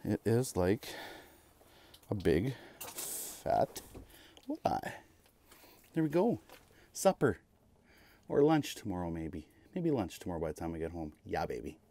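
A fishing vlogger sits in a shelter on a frozen lake, giving excitable live commentary on his ice fishing. His voice sits low and his pace is unhurried with long pauses, broken by bursts of cheering and repeated exclamations.

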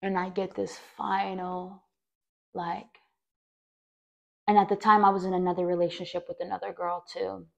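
A woman's voice: fairly low pitch, little pitch movement, normal speed, creaky, long pauses, highs cut off. A young woman hosting a podcast, telling a personal story in a rambling way with many fillers. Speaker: podcast host.

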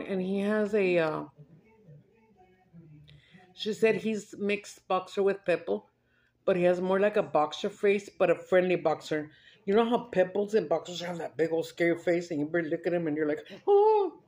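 Brief: woman vlogger, gravelly voice, rambling eat-and-chat storyteller. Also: medium pitch, a little mellow. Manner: rambling chatty storyteller, mixes in Spanish, laughs often. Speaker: mukbang vlogger. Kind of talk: casual chat while eating.

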